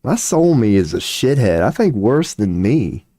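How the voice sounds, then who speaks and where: A man's voice: medium pitch, big pitch swings, a little slow, warm tone, no echo, studio quality. Rambling, swearing young man on a livestream. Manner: rambling, self-deprecating, heavy slang and swearing. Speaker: live streamer. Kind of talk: casual livestream monologue.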